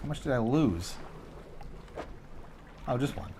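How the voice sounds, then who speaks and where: A man livestreams a video game, animated and jokey, talking to himself and poking fun at his own errors as he casually comments. His voice is medium in pitch and a little slow, and a little hiss or hum can be heard.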